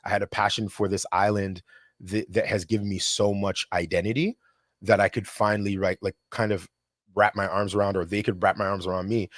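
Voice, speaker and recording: A man's voice: on the low side, dry recording, clean studio sound. A young adult man, a filmmaker guest, talking reflectively and animatedly in a casual conversation. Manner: reflective, animated storyteller with quick impressions.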